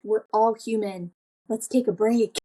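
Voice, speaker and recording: A woman's voice: a little high, fairly even intonation, a little slow, mellow, a little hiss or hum. A woman hosting a podcast interview, speaking in an enthusiastic, gushing way. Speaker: podcast host.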